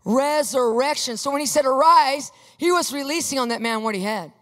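A woman preaching a sermon in an emphatic, animated way, asking her listeners questions. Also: high-pitched, moderate pace, big-room sound.

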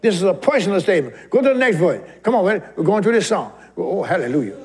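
A man preaching a sermon, fervently reading and shouting scripture lines. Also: high-pitched, big pitch swings, fast talker. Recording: live church crowd behind.

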